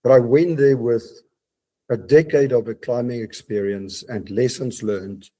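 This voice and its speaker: The man talks a little slowly, his mid-range voice mellow, as a podcast guest in his home study. A mountaineer and business leader, he reflects casually in the interview and often starts sentences over.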